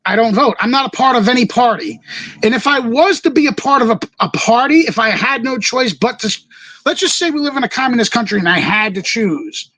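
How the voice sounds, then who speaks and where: A man's voice: very high-pitched, animated, a little fast, bright, forceful tone, no echo, poor audio. A man in casual podcast chat, giving blunt, emphatic opinions with plenty of profanity.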